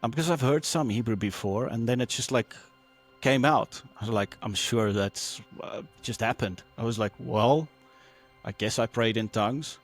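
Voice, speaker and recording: A man guest on a podcast telling a personal testimony in an animated way, acting out the voices he quotes, with many fillers and restarts. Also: mid-range voice, moderate pace, faint music behind.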